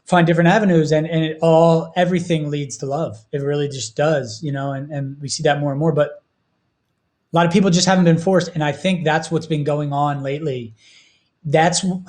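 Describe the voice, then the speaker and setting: A man's voice: a little high, a little mellow. Earnest, heartfelt man on a podcast. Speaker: podcast host. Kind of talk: casual podcast chat.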